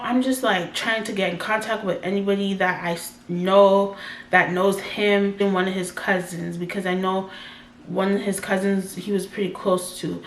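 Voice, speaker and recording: A woman in her twenties from Canada talks through a personal story to camera in a relaxed, unhurried way, quoting her own past self. Her voice sits at an ordinary middle pitch. The room is echoey, with a faint hum of background noise behind her. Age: 20s. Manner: chatty, heavy use of "like", quotes herself in dialogue. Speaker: vlogger. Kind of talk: casual storytime narration.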